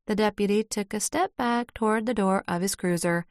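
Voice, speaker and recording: A woman narrating a first-person story in a measured, scripted audiobook style. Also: mid-range voice, dry recording, studio quality.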